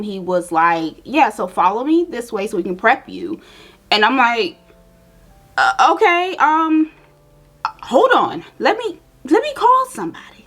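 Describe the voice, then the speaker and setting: A young woman vlogger chatting casually to her viewers, telling a personal story while doing her makeup, animated and direct. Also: mid-range voice. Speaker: beauty vlogger.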